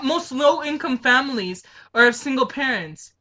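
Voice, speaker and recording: A woman's voice: sits high, moderate pace, few pauses, fairly bright tone. A woman venting to camera in a political rant, heated and frustrated, firing off rhetorical questions. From Canada. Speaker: vlogger.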